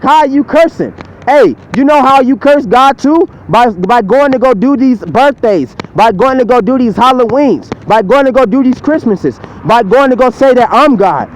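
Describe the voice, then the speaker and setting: A man's voice: extremely high pitch, slight background noise, low-quality recording. A man preaching a heated, repetitive sermon outdoors by a street, cursing and hammering his points again and again.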